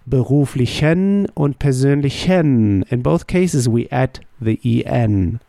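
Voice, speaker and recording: A man hosting a podcast language lesson, slowly drilling sentences with question-and-answer prompts. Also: medium pitch, animated, vocal fry, dark tone, no room sound, studio quality. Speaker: language teacher and podcast host.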